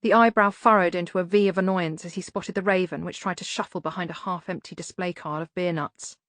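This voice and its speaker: A woman's voice: fairly low pitch, fairly even intonation, brisk, a bit bright, no echo. Woman narrating an audiobook, dry sound.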